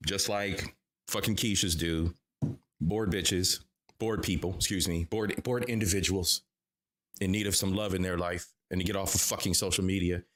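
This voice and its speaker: A man's voice: low voice, fairly bright tone. A man vlogging a heated, profanity-heavy commentary, cursing and emphatic as he talks to his viewers.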